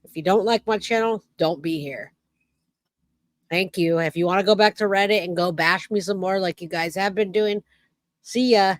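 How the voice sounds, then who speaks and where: A woman's voice: mid-range voice, moderate pace, no room sound. A woman hosts her true crime show and talks straight to her viewers. She sounds indignant and emphatic, and her voice sits in a mid range. The sound is close and dry. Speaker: host. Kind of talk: casual commentary.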